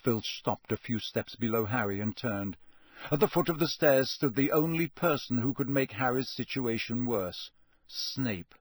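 Guy reading an audiobook, steady and expressive, mid voice, super dry recording. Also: mid-range voice, a little slow, no echo. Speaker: audiobook narrator. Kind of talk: scripted story narration.

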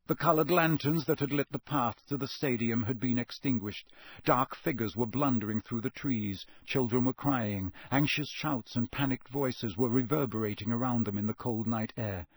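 A man reading a novel aloud with steady, expressive storytelling. His voice is mid-pitched and the recording is dry and close, with no room sound. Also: moderate pace, husky, no echo. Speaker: audiobook narrator. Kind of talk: scripted narration.

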